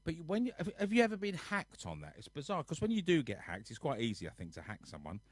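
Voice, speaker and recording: A man's voice: a little high, huge pitch swings, fast, dry recording. A man chatting casually to his live-stream audience from his sofa at home, rambling and reading viewer comments aloud. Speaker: live-stream host and musician.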